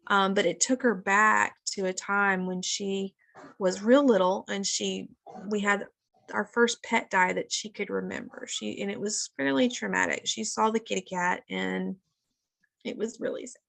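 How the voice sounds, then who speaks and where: A woman in her thirties leads a relaxed live wellness class over a video call. She talks in a chatty, friendly way and keeps turning to her listeners as guys. Her mid-pitched voice carries a steady gravelly fry. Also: unhurried. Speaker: wellness session leader. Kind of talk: casual live teaching session.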